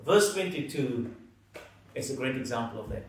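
A man preaching a sermon, earnest and emphatic, letting his phrases fall soft at the ends. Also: medium pitch, animated, normal speed. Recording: echoey hall, mic at a distance.

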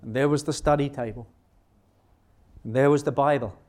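A man preaching a sermon, emphatic and full of rhetorical questions, slowing down to stress key words. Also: medium pitch, fairly even intonation, darkish tone.

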